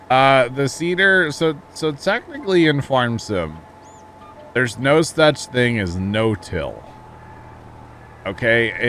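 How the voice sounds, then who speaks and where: A man's voice: mid-range voice, fairly bright tone, a little hiss or hum. A man giving casual commentary on a farming game stream, reading and answering chat as he explains farm equipment. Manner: chatty, reads chat aloud, explains farming gear. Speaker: livestream host.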